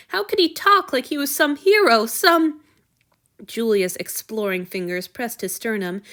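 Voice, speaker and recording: A woman reading a story aloud in an earnest, expressive way. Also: mid-range voice. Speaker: reader. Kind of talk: reading fan fiction aloud.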